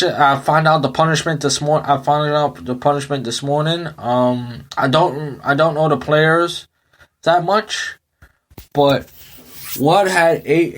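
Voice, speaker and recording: A man in his thirties hosting a sports podcast, talking in a loose, rambling rant with many repeats and fillers, tired and yawning. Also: on the high side. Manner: rambling, repeats himself, frequent um and you know. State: sleepy, yawning. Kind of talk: casual sports commentary rant.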